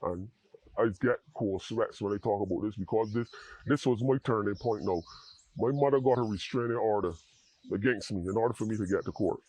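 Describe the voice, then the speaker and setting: A man tells his personal story in an interview, earnest and halting, often repeating words as he searches for them. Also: on the low side, warm tone. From Barbados. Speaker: interview guest in addiction recovery.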